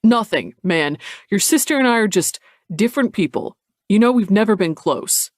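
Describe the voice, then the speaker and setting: A man voicing a blunt, pushy tough guy from a rough background in an audiobook, curt and quick to curse. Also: high voice, expressive, dry recording, studio quality, pitched above the performer's own voice. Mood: defensive. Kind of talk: audiobook character voice.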